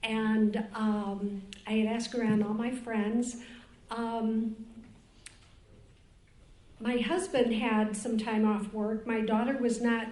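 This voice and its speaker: A woman's voice: fairly high pitch, level tone, takes it slowly, long pauses, a little mellow. Candid older woman in a roomy hall. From Cleveland, Ohio. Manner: candid, rambling storytelling. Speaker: recovery panel speaker. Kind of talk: personal testimony at a recovery meeting. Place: conference room at a retreat. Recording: roomy conference room.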